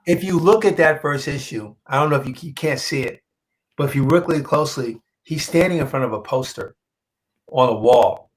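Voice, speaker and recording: Through a rough recording comes a medium-pitched male voice: a comic book artist giving a casual interview. He tells his story animatedly, dramatizing quoted speech, and halts and repeats when he gets emotional.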